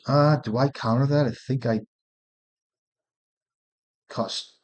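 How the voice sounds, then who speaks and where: A man's voice: medium pitch, fairly even intonation, slow pace, darkish tone. A man streaming a card game, thinking aloud in casual, profane commentary and often muttering to himself.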